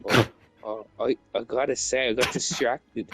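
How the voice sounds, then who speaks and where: A man's voice: mid-range voice, steady tone, measured pace, pushed and bright, breathy edge, faint music behind, low-quality recording. A man telling pun stories in casual chat with friends, checking in with "right?". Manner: setting up puns with frequent "right?".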